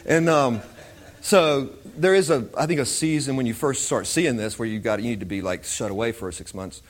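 A man's voice: medium pitch, normal speed, pauses often. A man preaching an informal Bible teaching in a conversational way, often repeating himself.

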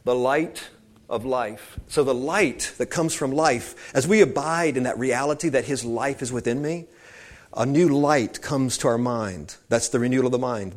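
A man preaching an informal sermon, talking conversationally and wandering into asides, calling his listeners saints. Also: medium pitch.

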